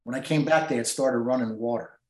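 A man's voice: medium pitch, fairly quick, a little mellow. Middle-aged male angler guest, emotional and rambling, recorded with room echo. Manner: emotional, rambling with many fillers. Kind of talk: storytelling interview. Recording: roomy echo.

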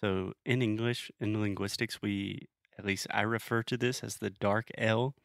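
A man's voice: on the low side, steady tone, normal speed, vocal fry, a bit bright, no echo, studio quality. A man, co-hosting a podcast and casually explaining English pronunciation in a playful, teasing way. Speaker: podcast co-host, English teacher. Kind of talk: casual conversational English lesson.

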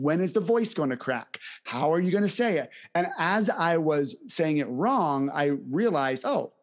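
Upbeat, enthusiastic young man. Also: a little high. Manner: upbeat, enthusiastic, laughs often. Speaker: podcast co-host. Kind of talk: casual chat.

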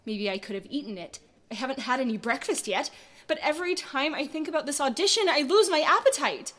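Storybook reading of a jittery teen girl scolding herself under her breath, voiced by a woman, her higher voice swinging widely and rising sharply on each worry. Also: animated, a little fast, fairly bright tone. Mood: anxious. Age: teens. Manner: anxious, self-scolding inner monologue. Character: nervous seventeen-year-old girl going to an audition.

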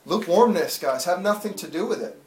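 A man's voice: sits high, expressive, brisk, darkish tone. A man preaching a sermon to a congregation, talking plainly and then building to urgent, impassioned appeals. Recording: echoey room, mic far off.

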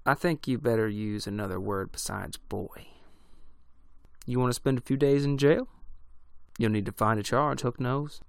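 A man voicing a wandering male musician who speaks in a calm, defiant way. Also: medium pitch, normal speed, creaky, no room sound, clean studio sound, lightly acted.

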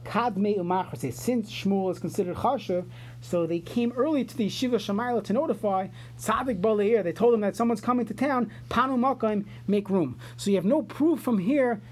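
A man teaching a Talmud class, reading Aramaic lines and explaining them in English, often halting and repeating words. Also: sits high.

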